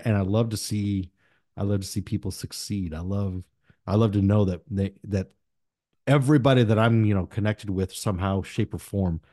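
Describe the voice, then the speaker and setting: A man's voice: fairly low pitch, no room sound, clean studio sound. A man hosting a podcast, chatting casually, swearing freely and laughing as he tells stories. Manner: profane, laughing, animated storyteller. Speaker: podcast host. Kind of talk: casual chat.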